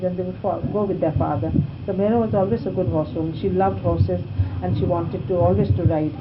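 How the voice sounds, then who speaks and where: Older woman telling a story on a noisy, muffled tape. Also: on the low side. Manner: lively, grows excited and loud when recalling the scare. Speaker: storyteller recalling her past. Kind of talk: reminiscing anecdote. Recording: muffled, noisy archive recording.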